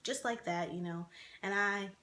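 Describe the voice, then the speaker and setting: A woman's voice: medium pitch, normal speed, sharp tone. A woman in her twenties telling her own life story to the camera, speaking candidly with many fillers and restarts. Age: 20s.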